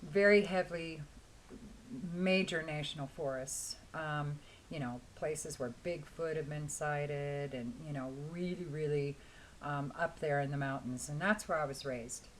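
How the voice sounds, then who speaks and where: A hoarse woman giving a chatty, rambling fragrance review, often clearing her throat. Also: deep voice, unhurried, a little hiss or hum, poor audio. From Washington State, US. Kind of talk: casual video review.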